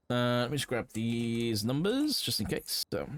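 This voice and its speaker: A man's voice: mid-range voice, huge pitch swings, slow. A man streaming a roleplay game, chatting casually and rambling with lots of fillers and swearing.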